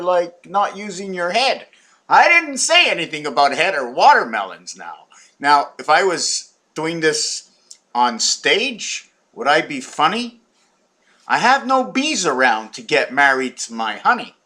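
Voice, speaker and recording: Man, fairly high and bright, rambling comic monologue, lots of repeats and restarts. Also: very animated, normal speed. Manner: rambling, jumps between topics with wordplay.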